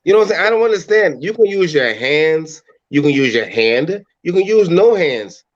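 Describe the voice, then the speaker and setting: Panelist, man, slightly high voice, blunt jokey rant, dull muffled recording. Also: big pitch swings, moderate pace. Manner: blunt, profane, jokey rants. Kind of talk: casual chat.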